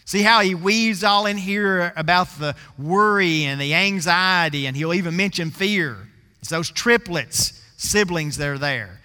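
Bright-voiced preacher in a reverberant hall. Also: male voice, high-pitched, unhurried. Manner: folksy storytelling, stretches out scripture words for emphasis. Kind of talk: sermon.

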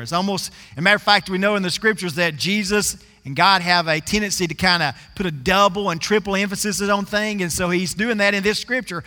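A man's voice: sits high, brisk, few pauses, pushed and bright, in a large hall. A man preaching a sermon, telling a folksy story and stretching out scripture words for emphasis.

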